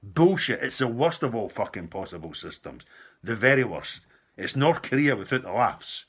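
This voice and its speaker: A British man in a heated political rant, his husky voice pushed hard and tense. He swears freely and builds from low, bitter muttering up to loud, furious bursts. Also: animated, normal speed. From United Kingdom. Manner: furious, profane and rising to outbursts. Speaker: political commentator. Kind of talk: angry political rant to camera.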